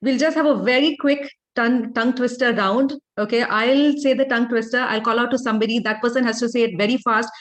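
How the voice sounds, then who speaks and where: A woman's voice: a little high, steady tone, fast talker, few pauses. A woman hosting an online club meeting over a video call, chatty and welcoming as she greets people. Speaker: meeting host.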